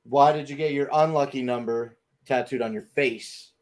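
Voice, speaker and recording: A man's voice: medium pitch, steady tone, moderate pace. A man hosting an online music show, bantering in a loose, profane, upbeat way.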